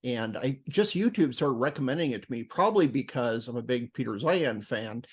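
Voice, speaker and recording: A man's voice: medium pitch, expressive, a little fast, breathy edge. A man hosting a podcast, chatting casually and throwing in mock-dramatic asides. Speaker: podcast host. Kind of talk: casual interview talk.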